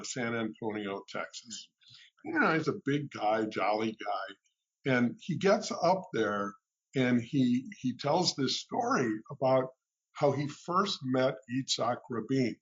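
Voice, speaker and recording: A man's voice: mid-range voice, husky. Storytelling guest man on muffled radio. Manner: storytelling, restarts and fillers. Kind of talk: casual radio conversation. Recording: slightly muffled radio recording.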